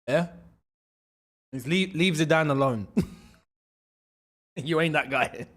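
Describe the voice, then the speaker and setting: A man hosting a live football watchalong, excitable and quick to shout and laugh. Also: on the high side. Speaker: football channel host.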